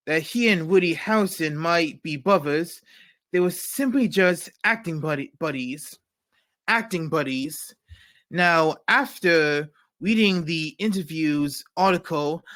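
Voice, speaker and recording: Slow, stumbling male comedy host. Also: high voice, fairly bright tone. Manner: stumbling, self-correcting joke delivery. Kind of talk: scripted comedy news segment.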